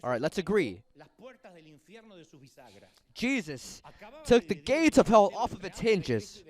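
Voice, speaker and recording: A middle-aged man preaching a sermon in an animated, conversational storytelling manner, talking straight to his audience. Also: high voice, takes it slowly.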